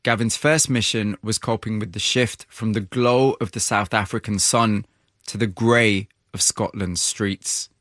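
Measured male radio host, dry studio. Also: on the low side, fairly even intonation, a bit bright, no echo. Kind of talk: broadcast interview with scripted narration.

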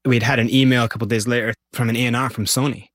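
A man with a Scottish accent, telling animated stories as an interview guest. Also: mid-range voice, rapid-fire, no echo, clean studio sound. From Scotland. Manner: animated, vivid storyteller. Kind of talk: storytelling interview.

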